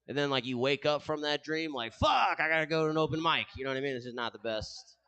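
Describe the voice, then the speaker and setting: A young man doing a rambling stand-up set with self-deprecating dark humor. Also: fairly high pitch, lively intonation, fast, clear, resonant tone. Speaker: stand-up comedian.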